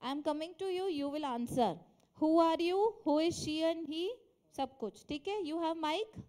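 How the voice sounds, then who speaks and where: A woman's voice: very high-pitched, fairly quick, mellow. A woman teacher with an Indian accent, quizzing a classroom in English mixed with Hindi and encouraging her students.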